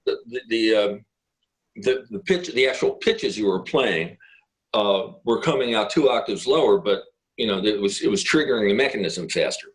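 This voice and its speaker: A man's voice: on the low side, lively intonation, normal speed, low-quality recording. A middle-aged man, a guest guitarist, telling rambling anecdotes in a casual interview, with many fillers and restarts.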